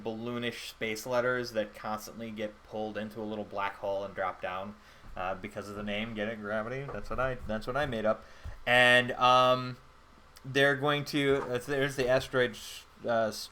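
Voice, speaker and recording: Bright-voiced man thinking aloud. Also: medium pitch, a little hiss or hum. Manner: rambling, thinking aloud with many fillers. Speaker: solo game player and host. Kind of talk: solo tabletop game play-through narration.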